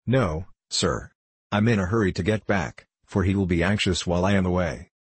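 A man reading the part of a frightened, gentle young girl who speaks timidly and pleads. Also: low voice, normal speed, husky, no echo.

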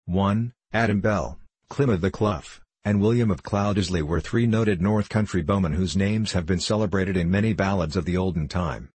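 A man reading a storybook aloud in a measured, even manner. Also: deep voice, breathy edge, no echo. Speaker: audiobook narrator.

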